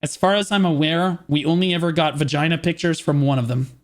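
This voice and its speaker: A male streamer telling a story to his chat in casual, profane, animated fashion, mocking the people he quotes. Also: on the high side, a little fast.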